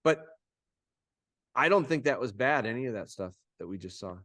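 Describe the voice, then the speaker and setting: A man coaching dog owners over a video call in a relaxed, folksy way, often restarting his sentences. His voice sits at an ordinary male pitch, and the sound is dry and close. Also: dry recording. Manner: folksy, informal, talks in quick restarts. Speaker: dog trainer coaching clients.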